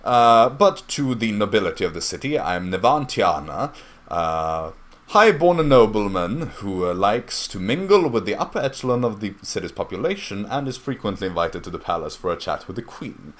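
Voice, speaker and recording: A man playing a smooth, scheming gang leader. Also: fairly low pitch, very animated, a bit bright. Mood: genteel. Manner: genteel, condescending and wheedling, with drawn-out pauses. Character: smooth, scheming male outcast gang leader posing as a noble. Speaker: game master. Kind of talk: voicing a character in a tabletop game.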